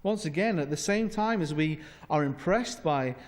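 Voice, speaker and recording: Wry, animated male pastor, high voice, long church reverb. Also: normal speed. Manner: humorous, animated, sarcastic. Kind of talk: sermon.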